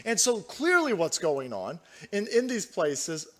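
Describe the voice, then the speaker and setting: A man's voice: sits high, big pitch swings, unhurried. A young man hosting a livestream, ranting profanely about politics and reading out viewer chat. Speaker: livestream host.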